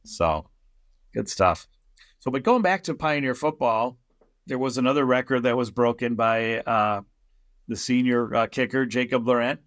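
A man hosting a casual radio sports show, chatty and quick to laugh at his own slips. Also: medium pitch, a bit bright, no echo.

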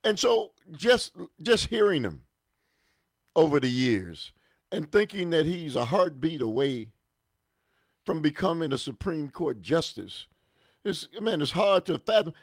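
A man's voice: a little high, gravelly, breathy edge, dry recording. A man joining a talk radio show as a guest, conversational and dismissive, often saying "man".

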